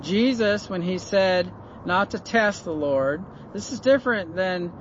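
A man with a high voice giving a loose, conversational Bible lesson, often asking the listener rhetorical questions. The audio is dull and lo-fi, with a faint hum of cars and street noise behind him. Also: unhurried. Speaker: Bible teacher. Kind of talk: informal Bible study talk.

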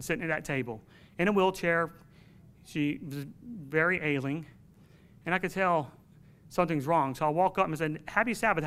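A man's voice: a little high, fairly bright tone, clean tone. A man preaching a sermon to his congregation in an earnest, emphatic way, telling a personal story.

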